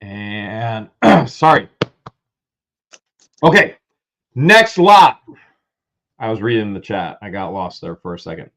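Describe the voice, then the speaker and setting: A man hosting a live-stream auction, loudly calling out lots and prices with excitement. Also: on the low side, slow pace, long pauses. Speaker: livestream auction host.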